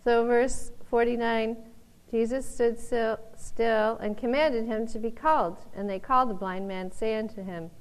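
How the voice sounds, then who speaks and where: Lively laughing woman teaching the Bible. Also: fairly high pitch, normal speed, rough recording. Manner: laughs often, acts out quotes loudly.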